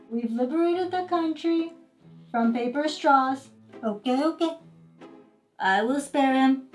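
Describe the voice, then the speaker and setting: A woman's voice: high voice, a little mellow. A woman doing a comedic impression of a boastful, self-praising male president in a sketch.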